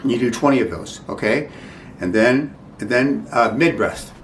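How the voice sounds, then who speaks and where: Male breathwork teacher, mid-pitched, halting delivery, recorded far off in a roomy space with faint rumble. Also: lively intonation. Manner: halting, many restarts and "okay?" checks. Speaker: breathing instructor. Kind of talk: informal spoken instruction.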